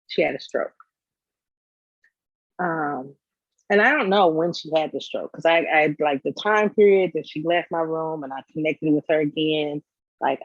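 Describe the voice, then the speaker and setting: A woman guest in an interview, telling a personal story in a candid, animated way and acting out the scenes. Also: low-pitched, dry recording, muffled recording. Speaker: business owner guest.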